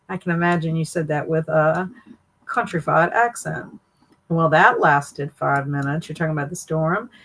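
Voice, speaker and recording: Chatty Southern woman, lowish voice. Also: normal speed, fairly bright tone, low-quality recording. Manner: chatty, friendly, greets viewers by name. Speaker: live stream host. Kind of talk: casual live stream chat, reading chat comments aloud.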